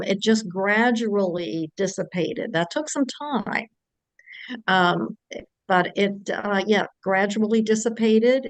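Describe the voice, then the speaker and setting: A woman practitioner speaking on a panel, measured and hesitant. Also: medium pitch, dry recording, poor audio. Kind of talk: casual panel conversation.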